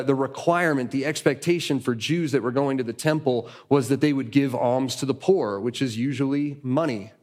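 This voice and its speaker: A man as guest teacher giving a conversational sermon, retelling a story and voicing its people. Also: medium pitch.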